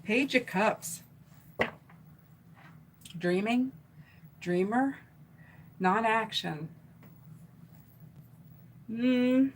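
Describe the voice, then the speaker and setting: Against background noise, a middle-aged woman gives a live stream tarot reading in a mid-range voice at a measured pace. She speaks loosely, reading viewer comments aloud with fillers and frequent restarts.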